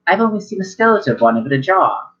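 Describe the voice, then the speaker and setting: A man's voice: high voice, sing-song, quick pace, a bit bright, pitched above the performer's own voice. A man voicing a curious foreign woman. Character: guarded foreign woman of a mountain city. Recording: dull lo-fi sound.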